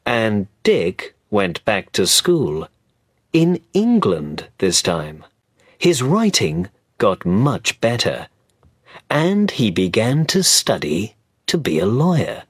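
Slow, expressive male storybook narrator. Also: lowish voice, dry recording, studio quality. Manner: slow, clear reading for learners. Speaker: audiobook narrator.

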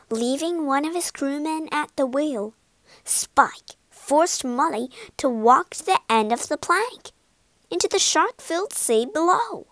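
Slow, theatrical woman storyteller. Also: high-pitched, a bit bright, no room sound. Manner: theatrical, dropping into whispers for suspense. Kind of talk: storybook narration.

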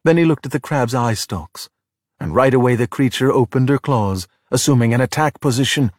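Man, middle-aged, storybook narration, husky tone, dry close sound. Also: mid-range voice, moderate pace, no room sound. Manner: steady, plain storytelling. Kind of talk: storybook read-aloud.

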